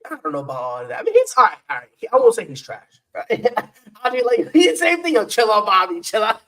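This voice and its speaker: Animated man riffing on sports. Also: very high-pitched, fast talker, poor audio. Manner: animated, repetitive, playful trash talk. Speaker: podcast co-host. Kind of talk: casual sports chat.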